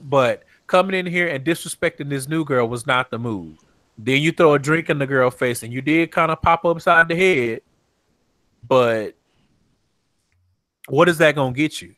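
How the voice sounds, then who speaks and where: A man's voice: fairly high pitch, moderate pace, pushed and bright, dry recording. Male podcast co-host, casual recap chat, blunt and profane, dry close sound.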